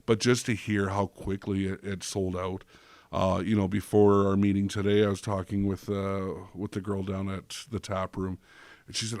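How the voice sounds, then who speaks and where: A man's voice: low-pitched, little pitch movement, normal speed, a little mellow, no room sound. A man telling stories as a podcast guest, chatty, with many fillers and restarts. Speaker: guest, drag performer. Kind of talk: casual podcast chat.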